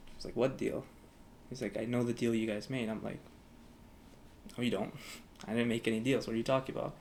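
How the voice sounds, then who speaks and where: Gravelly young man telling a story. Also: mid-range voice, steady tone, a little fast, darkish tone, a little hiss or hum. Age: young adult. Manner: rambling, frequent "like" fillers, acts out both sides of conversations. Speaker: vlogger. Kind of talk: casual storytelling vlog.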